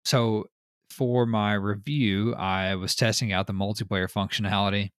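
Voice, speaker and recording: A man hosting a podcast, telling stories in casual chat with an animated, rambling manner. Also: on the low side, unhurried, clear, resonant tone, no room sound, clean studio sound. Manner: animated storyteller, frequent fillers. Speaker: podcast host.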